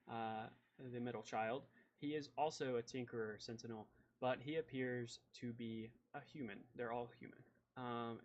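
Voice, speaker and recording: Man, game master, rambling, lots of fillers, mid pitch. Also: lo-fi sound. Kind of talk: narrating a tabletop game.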